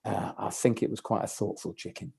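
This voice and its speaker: Halting deadpan comic man, mellow voice. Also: lowish voice, creaky, slight background noise. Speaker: stand-up comedian. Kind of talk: rambling stand-up storytelling.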